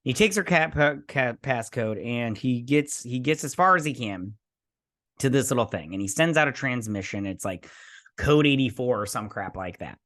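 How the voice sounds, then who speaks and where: A man casually recapping and reviewing an episode. He rambles through the plot in a loose play-by-play and throws in mouth sound effects. His voice sits at a plain middle pitch. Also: expressive, moderate pace, fairly bright tone. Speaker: host.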